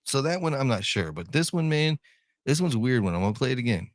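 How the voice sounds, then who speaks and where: A man's voice: medium pitch, big pitch swings, fast talker, dry recording, clean studio sound. A man from Ohio co-hosting a podcast in casual chat, joking, laughing often and repeating his words. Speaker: podcast co-host.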